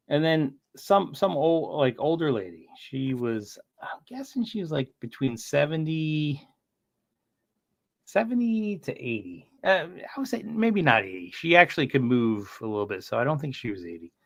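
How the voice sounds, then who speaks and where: A man's voice: on the high side, very animated, normal speed, vocal fry. A man hosting a casual livestream chat, telling rambling stories and laughing often. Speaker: streamer.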